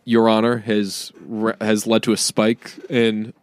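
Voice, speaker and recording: A podcast co-host with a lowish, level voice chats casually, rambling and joking. He is quick to mimic people, often acting out their lines, and the recording has no echo.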